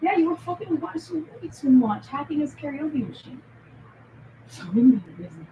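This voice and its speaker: A woman on a rambling livestream rant, swinging erratically from mutters to shouted, sing-song accusations full of swearing. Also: high voice, very animated, normal speed, far from the mic, lo-fi sound, slight background noise. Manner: profane and accusatory. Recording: echoey room, voice off-mic.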